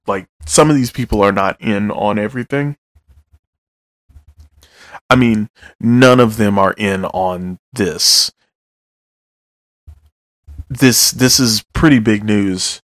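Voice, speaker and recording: A man with a low voice talks through manga chapters in a loose, joking way, with offhand asides and some swearing. His voice sits dry and close, with no room sound around it. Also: a bit bright, dry recording. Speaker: manga reader and recapper. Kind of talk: casual chapter recap.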